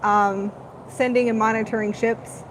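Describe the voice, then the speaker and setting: A woman's voice: fairly high pitch, fairly even intonation, measured pace, slight background noise, low-quality recording. A woman hosting a live spiritual channeling talk, speaking in a dreamy, rambling, gushing way.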